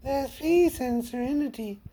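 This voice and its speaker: A man putting on the voice of an elderly female psychic medium from a horror film, speaking slowly and soothingly in a thin, breathy falsetto. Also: mellow, slight background noise. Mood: serene.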